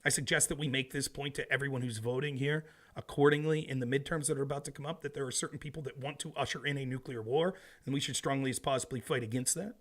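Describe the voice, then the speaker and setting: A man's voice: medium pitch, fast talker, few pauses. A man hosting a solo political commentary show, from the United States, talking with a sarcastic, mocking edge. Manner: sarcastic, mocking impressions, grows loud and animated.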